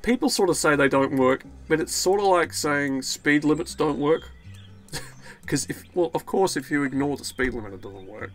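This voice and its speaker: A man's voice: a little high, expressive, normal speed, faint music behind. A man giving rambling, jokey let's play commentary, swearing freely as he plays. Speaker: gaming video host.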